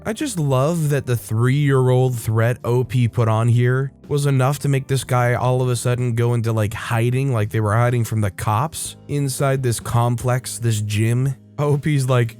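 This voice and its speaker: A man's voice: mid-range voice, moderate pace, hardly any pauses, a little mellow, faint music behind. A man reading online stories aloud, adding casual, chatty commentary between them. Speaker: story narrator.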